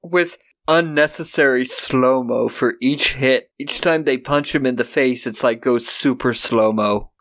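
A man co-hosting a podcast, recapping a film in casual chat, laughing, swearing and acting out lines in quick voices. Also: medium pitch, a bit bright. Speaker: podcast co-host.

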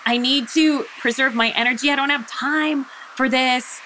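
Appearing as an interview guest, this middle-aged American mountaineer has a high-pitched, bright and forward tone, fairly even intonation and a moderate pace, with a little background noise. Her storytelling is vivid, and she voices both her own thoughts and the people she quotes.

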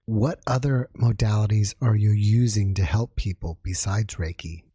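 Woman interviewer, very low dark voice, husky, calm short questions. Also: moderate pace.

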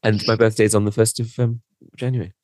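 A man's voice: on the low side, little pitch movement, fast, a little mellow, no echo, studio quality. A man co-hosting a comedy podcast, telling a rambling, self-mocking story in casual chat. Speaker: podcast co-host.

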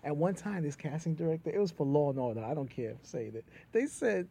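Brief: middle-aged New York man, slightly raised pitch, warm, animated guest storyteller. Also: fast, creaky, breathy edge. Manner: animated storyteller, drops into quoted voices and laughs. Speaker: comedian and playwright guest. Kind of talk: casual conversation.

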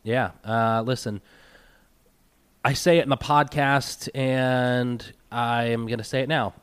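A man's voice: mid-range voice, fairly even intonation, slow pace, clean tone, dry recording. A man hosting a podcast, talking casually with a congested, nasal voice from a cold, rambling with self-deprecating asides. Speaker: podcast host. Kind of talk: casual solo podcast intro.

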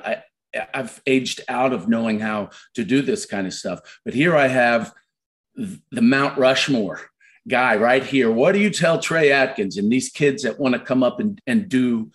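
A man hosting a podcast, asking questions in a relaxed, conversational way. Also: medium pitch. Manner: relaxed, conversational, loose phrasing. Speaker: podcast host. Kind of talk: casual interview chat.

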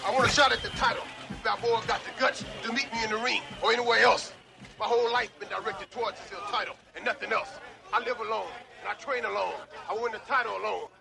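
A menacing, arrogant boxing challenger with a gravelly, very high-strung voice that barks every threat. Film score music runs loudly behind him. Each word lands like a challenge. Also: male voice, fairly even intonation, fast talker. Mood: low menace.

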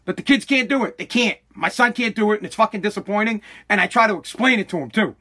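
A man's voice: high-pitched, fast talker. A middle-aged man telling a casual story and ranting, swearing constantly and cutting himself off mid-sentence. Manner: swears constantly, animated, self-interrupting. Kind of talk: casual profane storytelling rant.

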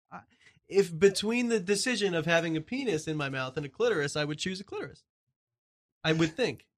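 A man's voice: high-pitched, animated, normal speed, long pauses. A man co-hosting a comedy podcast, talking in blunt, crude, exasperated banter in a studio.

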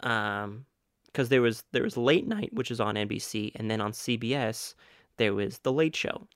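A man's voice: mid-range voice, expressive, normal speed, no room sound, studio quality. A young man co-hosting a casual podcast, rambling through facts with lots of restarts. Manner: rambling, self-correcting, fact-listing. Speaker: podcast co-host. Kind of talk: casual chat.

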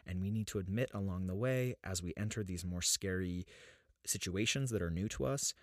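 A man's voice: sits low, brisk, no room sound, studio quality. A man in his thirties hosting a podcast, talking in an earnest, searching way about inner life, often restarting his sentences. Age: 30s. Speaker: podcast host. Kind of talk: reflective spiritual podcast talk.

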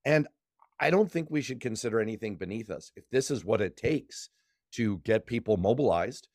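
A man hosting a political discussion panel, quick to joke between serious points. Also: on the low side, animated, darkish tone, dry recording, clean studio sound. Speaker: podcast host.

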